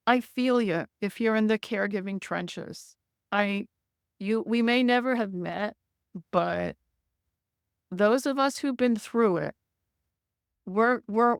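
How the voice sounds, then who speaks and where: Woman author reading her memoir slow and gentle, um-ing when she just chats, dry sound. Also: a little high, clear, resonant tone, dry recording. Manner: measured, gentle reading with many fillers in free talk. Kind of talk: reading from her memoir, then conversational interview answers.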